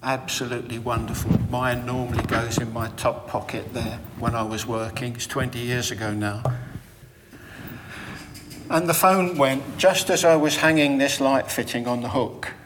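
A middle-aged man giving a reflective, sermon-style talk, telling personal stories about faith in a measured way. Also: medium pitch, long reverb tail, background noise.

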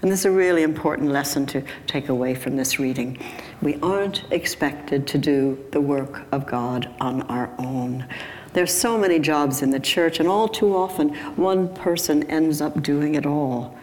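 Low-voiced older woman preaching with chuckles. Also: moderate pace, darkish tone. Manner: chuckling, storytelling, acts out voices in a joke. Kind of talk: sermon. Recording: hall reverb with faint background noise.

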